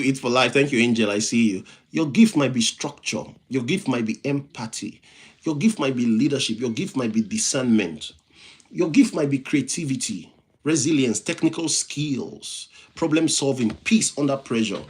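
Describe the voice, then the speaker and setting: Hosting a motivational livestream, a man with a non-native English accent uses a medium-pitched, expressive voice at a moderate pace. He preaches with repeated phrases, reads what viewers write, and thanks them by name.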